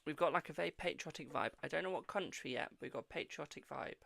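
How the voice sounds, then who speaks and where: Gravelly man, chatty psychic host. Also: on the high side, quick pace, a bit bright. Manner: chatty, affectionate, calls viewers boo and darling. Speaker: psychic tarot reader and host. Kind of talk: live-stream reading chat.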